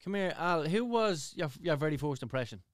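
A man's voice: on the high side, animated, fairly quick, dry recording, studio quality. An Irish man in casual chat, wry and full of slang.

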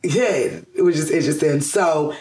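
A woman's voice: sits low, moderate pace, mellow, a little hiss or hum. Woman telling family stories, lots of ums and restarts, laughs a lot, echoey room. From Georgia, USA. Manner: rambling, laughs often, many fillers and restarts. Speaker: interview guest. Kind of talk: casual conversational interview. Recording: roomy echo.

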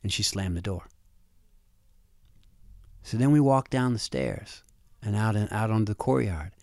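A man telling a personal story in a halting way, often restarting and repeating words, and often quiet and low. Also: no echo, clean studio sound.

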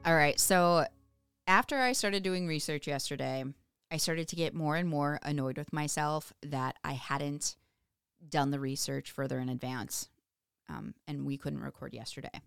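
Chatty woman podcaster, smooth voice. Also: sits low, moderate pace, no room sound, clean studio sound, faint music behind. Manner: chatty, laughing, filler-heavy. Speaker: podcast co-host. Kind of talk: casual chat.

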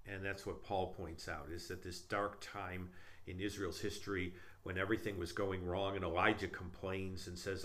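A man with a fairly low voice speaks in a casual faith discussion as a missionary. His delivery is emphatic and animated, jumping up for punchlines and dropping low for asides. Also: moderate pace. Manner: animated, emphatic, swings between loud punchlines and quiet asides. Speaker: Jewish missionary.

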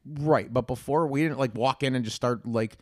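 A man's voice: medium pitch, normal speed, no echo, clean studio sound. A man co-hosting a casual podcast, bantering and teasing about restaurants. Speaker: podcast co-host. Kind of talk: casual chat.

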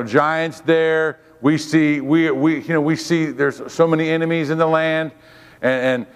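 A man's voice: on the high side, clear, resonant tone, in a large hall. A man giving a sermon as a guest preacher, fervent and repetitive, calling on the congregation to respond. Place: church.

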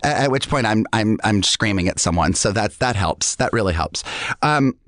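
A man hosting a podcast, rambling and animated, laughing often as he talks with guests. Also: lowish voice, normal speed, no echo, studio quality. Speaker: podcast host. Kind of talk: casual chat. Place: studio with guests.

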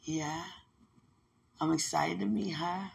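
Young woman, husky and gravelly, speaking tenderly to her partner with lively religious storytelling. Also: fairly low pitch, slow. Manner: affectionate, laughing, religious, animated storytelling. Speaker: fiancée talking to her partner. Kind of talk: casual emotional chat.

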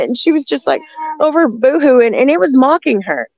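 A woman telling stories in a rambling, halting way, with many restarts, talking from a rural home near the woods. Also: high-pitched, animated. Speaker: guest telling encounter stories. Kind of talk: casual storytelling on a call-in show.

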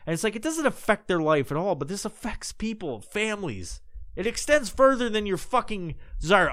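A man's voice: fairly high pitch, sing-song, brisk, fairly bright tone, no room sound, clean studio sound. A man hosting a podcast, talking in a loose, rambling way with lots of swearing and restarts. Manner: loose and profane, full of fillers and restarts. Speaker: podcast host. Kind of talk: casual rambling monologue.

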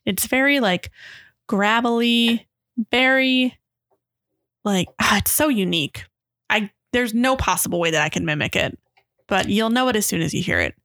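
A woman's voice: mid-range voice, moderate pace, pauses often, fairly bright tone, dry recording, clean studio sound. A woman co-hosting a podcast in casual chat, enthusiastic and laughing often. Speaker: podcast co-host.

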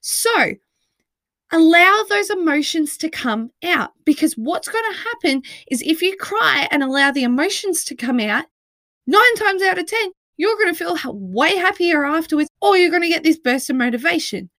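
A woman's voice: very high-pitched, lively intonation, moderate pace, a bit bright, dry recording. A woman hosting a casual self-help podcast. She talks in a chatty, reassuring way, with lots of "like" and frequent laughs. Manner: chatty and reassuring, many "like" fillers, laughs often. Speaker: podcast host.

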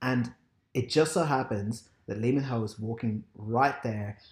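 A man's voice: mid-range voice, a little slow. Rambling, amused man in a roomy room. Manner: rambling, many fillers, amused laughing asides. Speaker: podcast co-host. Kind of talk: casual chat recapping a TV drama. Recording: roomy echo.

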